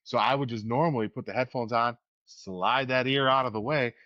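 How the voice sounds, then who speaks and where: With a mid-range voice and a sharp tone, a man talks at normal speed on a dry recording with no room sound that is also a bit dull and lo-fi. He co-hosts a laid-back podcast, wandering through stories while laughing frequently and occasionally cursing.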